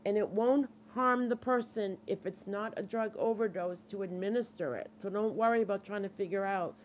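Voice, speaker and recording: A woman's voice: medium pitch, moderate pace, a little hiss or hum. A middle-aged woman with a Boston accent hosting a support group livestream in casual, earnest chat, answering viewers' comments and urging them on. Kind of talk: casual live-stream chat.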